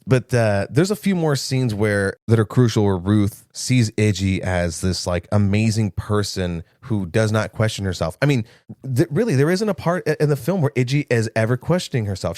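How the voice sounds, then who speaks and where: A man's voice: fairly low pitch, animated, moderate pace, a little mellow, no room sound, studio quality. A young man co-hosting a casual movie podcast, recapping scenes with jokes and quoted lines. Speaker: podcast co-host.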